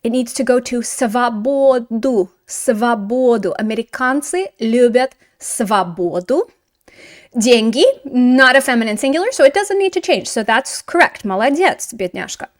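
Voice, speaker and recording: A woman teaching Russian grammar, correcting a student's mistakes in chatty, lively explanations. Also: on the high side, measured pace.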